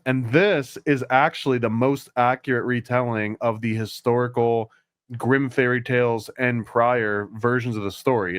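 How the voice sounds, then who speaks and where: A man co-hosting a podcast, casually retelling and analyzing an old cartoon, rambling with quick asides. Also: medium pitch, no room sound, studio quality. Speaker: podcast co-host. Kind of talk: casual discussion.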